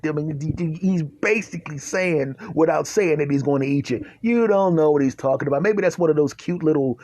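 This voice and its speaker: A man hosting a podcast, telling an absurd comic story in an animated way and often asking "right?". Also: a little high, fairly quick, few pauses, no room sound. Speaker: podcast host.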